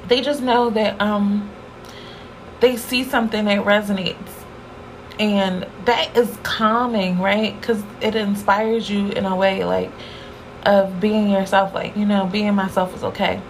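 A young adult woman hosting a casual solo podcast, talking candidly in slang, laughing often and jumping up in pitch for emphasis. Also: flat delivery, measured pace, a little hiss or hum, poor audio. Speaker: podcast host.

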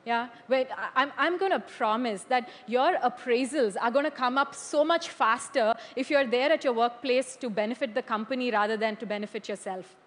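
A woman preaching a sermon in a church hall. She is animated, laughs often and keeps checking in with "okay?". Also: fairly high pitch, normal speed, few pauses. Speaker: church leader. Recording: long hall reverb.

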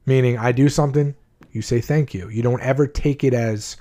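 A dark, medium-pitched voice with a steady tone and fairly quick pace belongs to this man, at least in his twenties. He shares his own life story with viewers candidly, bluntly and emotionally, often restarting sentences.

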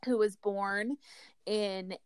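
A woman's voice: medium pitch, steady tone, very slow, smooth, no echo. A woman hosting a casual podcast chat, telling a story in a chatty, giggly way with many fillers. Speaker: podcast host.

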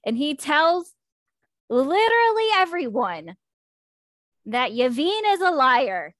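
A woman in casual chat about a book, retelling the plot with animated, indignant swearing. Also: high-pitched, slow pace, dry recording.

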